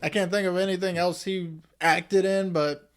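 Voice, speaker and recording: A man co-hosting a casual movie review chat, laid-back and quick to joke and laugh. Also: high voice, fairly even intonation, clean tone. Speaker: podcast co-host.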